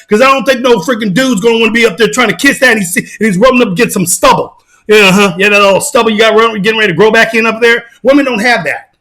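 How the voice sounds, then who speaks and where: A man giving a mocking, emphatic rant as reaction commentary on his channel, often bursting into shouts. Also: high voice. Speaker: channel host.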